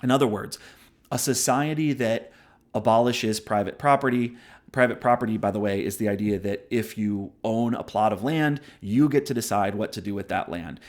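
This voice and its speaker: A man hosts a book review show, explaining ideas in casual spoken commentary. His voice sits on the low side at normal speed. He often checks in with "right?" and admits when he's digressing.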